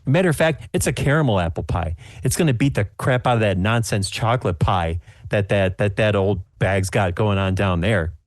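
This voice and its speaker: A man's voice: fairly low pitch, moderate pace, hardly any pauses, no echo, clean studio sound, natural voice. A man voicing a small, fussy woman competing in a pie contest, gushing and stammering. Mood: snippy.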